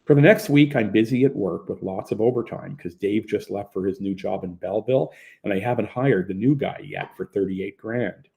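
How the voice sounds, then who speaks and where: A man from Ontario reading his memoir aloud in an animated storytelling manner. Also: fairly low pitch, moderate pace, creaky. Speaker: narrator.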